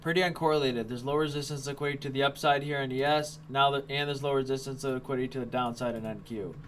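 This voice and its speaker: A man's voice: medium pitch, fairly even intonation, quick pace. Young male streamer, blunt and chatty, mid-range voice, faint noise behind. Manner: casual, swears, thinks aloud over charts. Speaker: trading live streamer. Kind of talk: live stream trading commentary.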